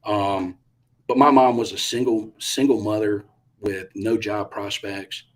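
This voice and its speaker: Middle-aged male guest, low-pitched, animated storyteller who acts out dialogue. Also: unhurried. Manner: animated, acts out quotes with bursts of loudness. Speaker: guest, retired Army pilot. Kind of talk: casual interview storytelling.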